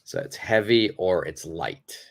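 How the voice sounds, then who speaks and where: A male English teacher giving a live online grammar lesson. He speaks slowly and patiently, repeating key points. His voice rises and falls a great deal as he stresses each point. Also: sits low, very animated, vocal fry. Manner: slow, explaining patiently with many repeats; reads out and answers viewer questions.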